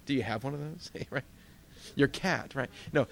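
This man is a pastor preaching at church, forceful and lively, often posing rhetorical questions to the congregation. He talks at normal speed in a mid-range, creaky voice.

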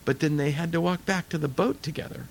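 A middle-aged man preaching a sermon in a conversational, animated storytelling way. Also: on the high side, quick pace, gravelly. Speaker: pastor.

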